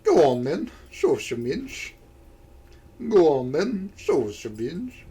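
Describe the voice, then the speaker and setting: A man voicing a blunt, crude female lake creature from a visual novel, in a forced, gruff attempt at a Scottish accent and clipped lines. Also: fairly high pitch, big pitch swings, takes it slowly, dark tone, heavily acted.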